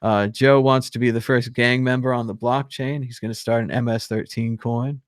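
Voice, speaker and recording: A man's voice: mid-range voice, fairly even intonation, normal speed, hardly any pauses, no room sound, studio quality. A man hosting a live online show, chatting casually and reading viewer comments aloud with lots of fillers. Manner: rambling, filler-heavy, reads chat aloud with chuckles. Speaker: crypto show host. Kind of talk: casual live-stream chat.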